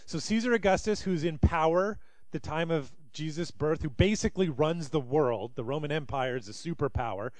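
A man preaching a sermon, telling a story in an animated way and acting out the people he quotes. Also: a little high, normal speed, no room sound. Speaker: pastor.

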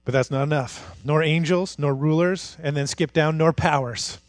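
High-voiced man preaching a sermon. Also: moderate pace, dry recording, clean studio sound. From Canada. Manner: builds from hushed to fired-up preaching. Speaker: pastor.

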